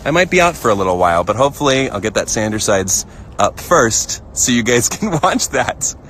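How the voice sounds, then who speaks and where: A playful American man chats through a phone live stream, reading viewer comments out loud. His voice is bright and forward, and he keeps giggling and leaping up into a squeaky register for the jokes. He sounds relaxed, like he is talking from outdoors. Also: brisk, a little hiss or hum. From United States. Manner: playful, giggly, jumps up into a high voice when joking. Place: outdoors, lounging in a field.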